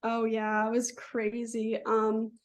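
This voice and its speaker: A woman's voice: fairly high pitch, monotone, takes it slowly. A young woman, an interview guest, telling her story earnestly and peppering her speech with "like". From Southern Ontario, Canada. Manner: earnest, heavy use of "like".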